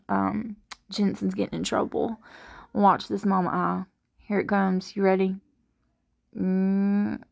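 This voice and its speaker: A woman's voice: mid-range voice, gravelly, dry recording, studio quality. Chatty Southern woman from Alabama. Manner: chatty, folksy, frank, with Southern expressions. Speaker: home vlogger and mom. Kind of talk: casual chat to camera while doing chores. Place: home kitchen at the sink.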